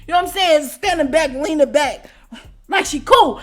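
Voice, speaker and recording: A woman host telling a casual storytime to her viewers, animated and slangy. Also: high voice, brisk.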